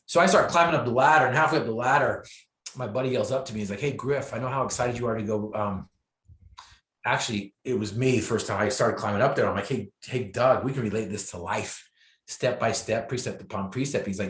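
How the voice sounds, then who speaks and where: A man, a guest speaker, telling a personal story in an interview with self-deprecating humor, acting out the lines of the people in it. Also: fairly quick. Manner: animated storyteller, acts out his own and others' lines with bursts of pitch and volume. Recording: echoey room.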